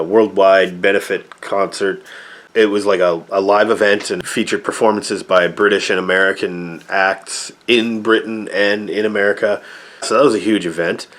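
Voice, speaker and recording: A man's voice: deep voice, fairly bright tone. A man giving a rambling, sarcastic review of an old movie, often exasperated and full of fillers.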